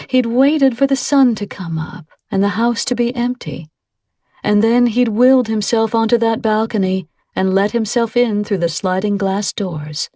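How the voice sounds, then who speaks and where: A woman narrating an audiobook in a measured, suspenseful reading on a close microphone. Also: mid-range voice, mellow, dry recording. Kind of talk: scripted narration.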